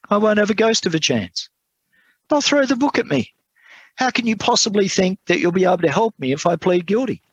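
A man voicing a proud, bitter male prisoner who talks stiffly and protests loudly in a told sermon story. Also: fairly high pitch, breathy edge, dry recording, highs cut off, pitched above the performer's own voice, heavily acted. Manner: stiff, protesting, rising to cries.

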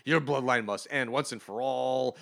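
A man's voice: mid-range voice, moderate pace, vocal fry, a bit bright. A man doing a sneering alien villain. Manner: sneering, boastful. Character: arrogant alien villain, male, bullying and grandiose.

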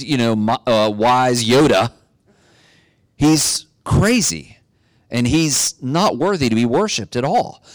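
A middle-aged man preaching a sermon, telling a story in a relaxed way and building to emphatic exhortation. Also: medium pitch, no echo. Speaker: pastor.

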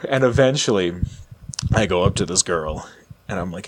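A man's voice: fairly low pitch, normal speed. A man in his late twenties telling a long story in casual podcast chat, acting out the people he quotes. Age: late 20s. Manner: animated, acts out quoted voices.

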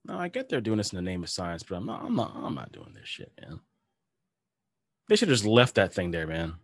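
A man's voice: sits low, wildly swooping pitch, fairly quick, vocal fry, breathy edge, no room sound, clean studio sound. A man hosting a podcast in casual chat, telling stories animatedly, laughing often and swearing. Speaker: podcast host.

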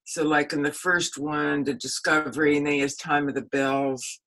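A woman's voice: low voice, flat delivery, moderate pace, fairly bright tone, low-quality recording. An older woman, a historian and author, recalling stories in a rambling, anecdotal interview with frequent laughter. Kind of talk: casual spoken recollection.

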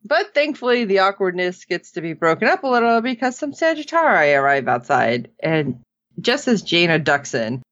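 A woman co-hosting a casual TV recap, animated, acting out characters' lines in funny voices. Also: on the low side, normal speed, no echo, dull audio. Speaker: podcast co-host.

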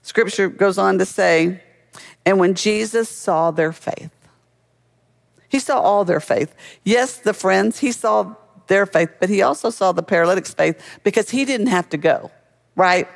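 High-voiced gravelly preacher. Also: male voice, unhurried. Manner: conversational, asks the listeners questions. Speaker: pastor. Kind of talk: sermon.

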